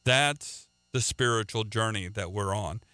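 A man's voice: fairly low pitch, unhurried, sharp tone, smooth, no room sound. A man preaching a radio sermon in an earnest way, often repeating words and restarting sentences.

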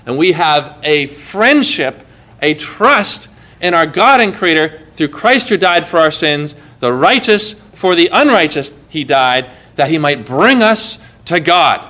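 A middle-aged man, a pastor, preaching a sermon, moving between emphatic rises and quiet, hushed asides. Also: a little high, animated, unhurried.

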